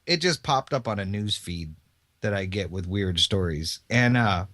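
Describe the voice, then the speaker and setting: A radio co-host talks casually in a bright, clear voice with plenty of up-and-down lilt. He sounds relaxed and close to a dry studio mic. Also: fairly low pitch, normal speed, no room sound.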